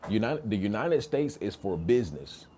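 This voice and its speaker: A man with a slightly low voice holds forth on a casual livestream, slangy and emphatic. He circles back over his own phrases and keeps asking "right?" to drive each point home. A faint hiss of noise sits under the recording. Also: big pitch swings, moderate pace, warm tone. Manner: repetitive, emphatic, slangy, rhetorical "right?" tags. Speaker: livestream host reading chat.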